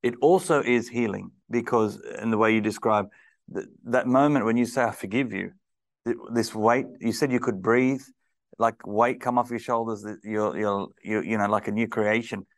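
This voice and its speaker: A man's voice: lowish voice, fairly even intonation, moderate pace. A man hosting an interview, affirming the guest and stammering over repeated words as he sums up. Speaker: interview host. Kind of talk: conversational interview.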